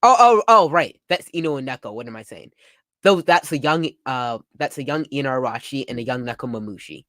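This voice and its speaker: A young man talks through a comic chapter as he reads it, excitable and chatty. His voice sits at an ordinary pitch, and the recording is dry and close, with no room sound. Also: fairly quick, no room sound. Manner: excitable, summarizing panels with frequent "like". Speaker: manga reaction youtuber. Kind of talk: casual live reading and reaction.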